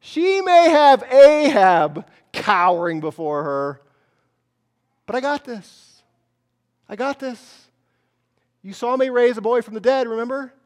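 A preacher voicing God, high and emphatic. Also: male voice, big pitch swings, slow, pauses often, heavily acted. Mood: reassuring. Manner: emphatic, insistent reminders. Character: God, mighty and reassuring.

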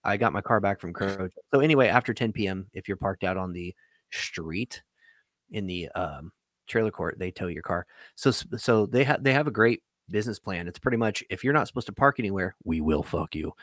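A man's voice: low-pitched, expressive, a little fast, a bit bright, no room sound. A man telling a rambling, profane story in a casual chat as a podcast host.

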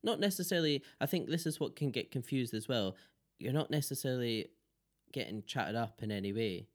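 A man with a Scottish accent, a podcast guest chatting casually, animated and laughing often. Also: medium pitch, brisk. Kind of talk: casual chat.

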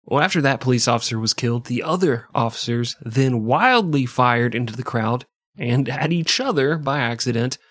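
A man hosting a podcast, telling a history story casually, with sarcastic, profane, deadpan jokes. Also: medium pitch, normal speed, few pauses, no echo. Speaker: podcast host.

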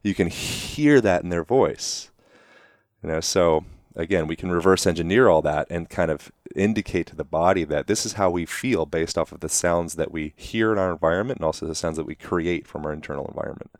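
Low-voiced man explaining, dry sound. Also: dry recording. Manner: animated, acts out quick voiced examples; frequent fillers like "you know". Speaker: guest. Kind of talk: relaxed conversational explanation.

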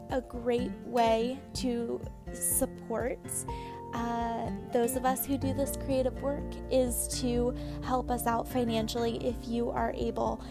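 A woman hosting a podcast, talking in a relaxed way with many fillers as she reads an appeal and asks a question. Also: fairly high pitch, gravelly. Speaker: podcast host.

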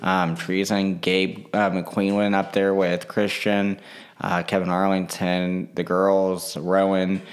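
Guy with a super deep voice just rambling casually to the camera, lots of likes and ums. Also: flat delivery, takes it slowly. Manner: rambling, full of fillers and restarts. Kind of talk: casual monologue.

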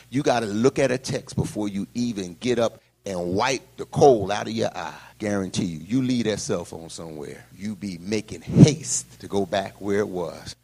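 A middle-aged pastor preaching in a husky, lowish voice. His delivery swoops up and down as he tells the story in a folksy, conversational way, drawing the congregation along. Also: expressive, normal speed, a little mellow. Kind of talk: sermon.

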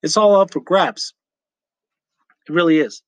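A man hosting his own podcast in a casual, rambling solo chat, correcting himself often and filling pauses with ums and uhs. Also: fairly high pitch, no echo. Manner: rambling, chatty, self-correcting with frequent fillers. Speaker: podcast host.

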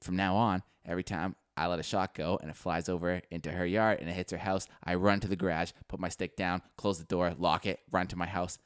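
A young man spins a story for his podcast co-host. His voice sits low, and the sound is dry and close. He is animated, swears freely and laughs at his own tale. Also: a little fast, few pauses, smooth, dry recording. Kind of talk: casual storytelling chat.

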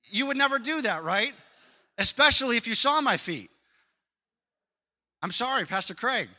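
A man preaching a sermon as a pastor, lively and emphatic, telling stories. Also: very high voice, moderate pace.

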